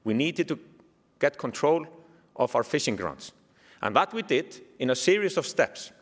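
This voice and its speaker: A man's voice: fairly high pitch, normal speed. A man with an Icelandic accent giving a keynote speech, telling stories with dry humor. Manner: lively storytelling with dry humor. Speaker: keynote speaker. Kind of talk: speech to an audience. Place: large museum hall. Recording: echoey hall reverb.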